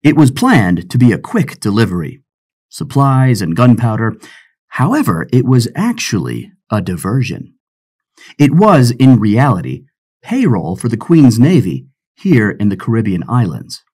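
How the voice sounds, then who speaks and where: Expressive male audiobook narrator. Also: mid-range voice, unhurried, husky. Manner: expressive storytelling.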